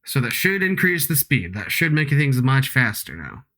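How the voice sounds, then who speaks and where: A man's voice: mid-range voice, big pitch swings, moderate pace, sharp tone. A young man streaming a video game, chatting casually, giggling and teasing himself. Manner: chatty, giggly, self-mocking. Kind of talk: casual gameplay commentary.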